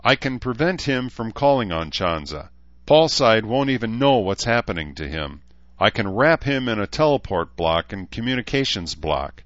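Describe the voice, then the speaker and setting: A man voicing a fierce, urgent young sorceress who talks forcefully. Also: fairly low pitch, sing-song, normal speed, no echo, dull audio, voice pushed up.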